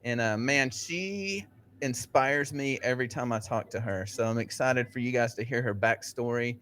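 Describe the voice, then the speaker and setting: A man's voice: mid-range voice, moderate pace, a bit bright, slight background noise. Upbeat man hosting a podcast. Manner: upbeat, joking, laughs easily. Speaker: podcast co-host.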